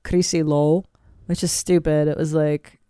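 A woman's voice: deep voice, little pitch movement, unhurried, mellow, clean tone, no echo, studio quality. A woman hosting a podcast in casual chat, playful and teasing, with some swearing. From Hungarian family. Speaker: podcast host.

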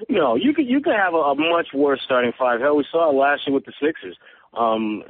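A man's voice: on the high side, animated, fairly quick, no echo. A man, a sports reporter calling into a podcast, giving analysis with frequent stammering restarts. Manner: thinking aloud, stammering restarts. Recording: tinny phone line.

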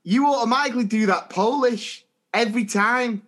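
A man co-hosting a podcast in relaxed chat, teasing his partner with dry jokes. His voice sits fairly high for a man. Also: moderate pace. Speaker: podcast co-host, teacher. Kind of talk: casual chat.

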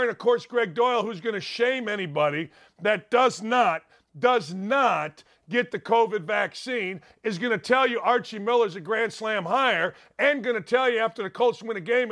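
A middle-aged man delivers a sports talk monologue in a fairly high voice. He rants with heavy sarcasm and slows down to drag out his points. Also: fairly bright tone. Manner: sarcastic, ranting, drawn-out emphatic delivery. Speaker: sports talk show host.

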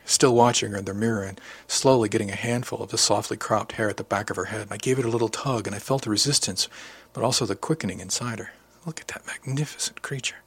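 Low husky male audiobook narrator. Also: no echo. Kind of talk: scripted first-person narration.

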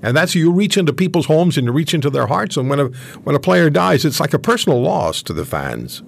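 Brief: older male host in his seventies, lively pitch, slightly high voice, chatty storyteller. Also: fairly quick, gravelly, a little hiss or hum. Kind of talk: casual interview chat.

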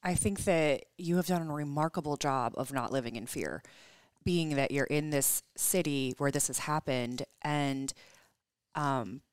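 A woman's voice: low-pitched, a little slow, clear, resonant tone, no room sound. A woman interviewing a couple on a podcast, emotional and rambling with many fillers. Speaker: podcast host interviewing guests. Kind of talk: conversational interview.

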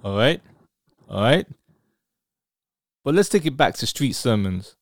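A man's voice: mid-range voice, sing-song, a little slow, dry recording, clean studio sound. A man hosting a podcast, talking casually and enthusiastically with a guest. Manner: enthusiastic, effusive. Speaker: podcast host. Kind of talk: casual interview.

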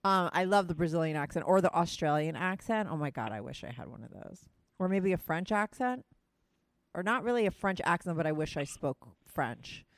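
A woman's voice: fairly low pitch, animated, a little fast, no room sound. A woman with a Jersey-New York accent hosts a podcast in casual chat. She talks bluntly and swears freely, and her voice is dry and close to the mic. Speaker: podcast host. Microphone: phone call with co-host.

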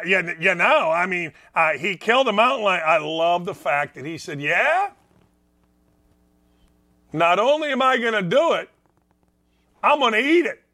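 An older man hosting a sports talk show from his basement, giving a blunt, sarcastic monologue that swings between loud bursts and quick asides. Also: high-pitched. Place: home basement studio.

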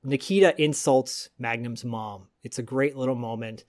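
A man's voice: medium pitch, normal speed, darkish tone. Rambling man telling a story. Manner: rambling, digressive storytelling with fillers. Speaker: podcast host. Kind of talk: casual chat.

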